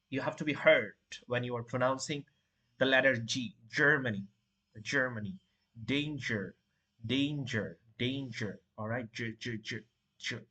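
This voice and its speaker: A man with a husky, slightly breathy voice leads a beginner pronunciation lesson. He talks slowly, breaking English into single sounds and example words and repeating them patiently. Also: mid-range voice, pushed and bright. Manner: repeats sounds and words slowly, with fillers like "you know" and "all right".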